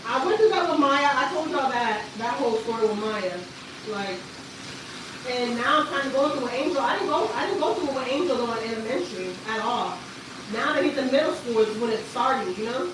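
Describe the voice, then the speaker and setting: A mother in her thirties from Texas, vents on a casual livestream. She talks in an animated, unfiltered way and cusses freely. Her voice sits fairly high over a faint background hum. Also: a little fast. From Houston, Texas. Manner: animated, frequent cussing and laughing. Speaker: vlogger and mother.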